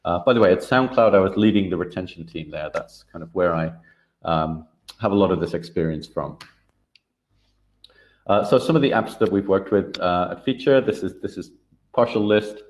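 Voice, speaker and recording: A man presenting an online workshop over a video call, relaxed and full of filler words and restarts. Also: low-pitched, normal speed. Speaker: workshop speaker.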